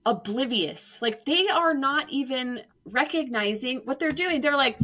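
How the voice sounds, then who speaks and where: An animated woman co-hosting a casual podcast, with a bright, ringing voice pitched a little high. She tells stories with lively energy, acting out other people's lines with sudden leaps in pitch and laughter. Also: unhurried, hardly any pauses, slight background noise. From Arizona, United States. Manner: animated, acts out quotes with big pitch jumps and laughing. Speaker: podcast co-host. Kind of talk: casual storytelling chat.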